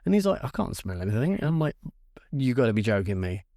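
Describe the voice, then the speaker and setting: Animated man telling a ghost story. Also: on the low side, fast talker, no room sound, studio quality. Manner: animated storyteller who acts out quoted voices and swears freely. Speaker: podcast co-host. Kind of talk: casual storytelling chat.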